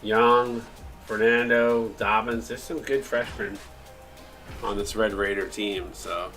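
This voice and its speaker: Bright-voiced man reading game stats. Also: on the low side, level tone, slow pace, faint music behind. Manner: rattles off stat lines, joking asides. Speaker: stream commentator. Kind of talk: casual play-by-play recap.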